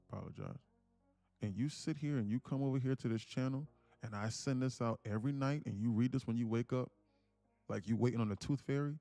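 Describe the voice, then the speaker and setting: Male trading streamer: gravelly, dry close sound, emphatic and repetitive, pitching memberships. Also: darkish tone, no echo. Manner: emphatic, preachy, repeats himself. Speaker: day-trading livestream host. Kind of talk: live-streamed ranting sales pitch.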